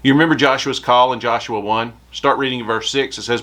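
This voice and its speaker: A man's voice: mid-range voice, fairly even intonation, brisk, hardly any pauses, a bit bright. Earnest male preacher giving a sermon. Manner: earnest, reads scripture aloud with rising emphasis.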